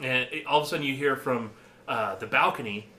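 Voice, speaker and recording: A man in casual podcast chat, an animated storyteller who laughs often and acts out movie lines. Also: medium pitch, quick pace, reverberant.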